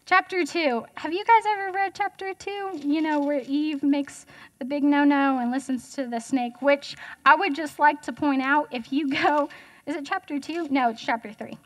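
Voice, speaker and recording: A woman's voice: high-pitched, normal speed. A young woman giving a casual, chatty sermon as guest speaker, joking and asking the audience questions.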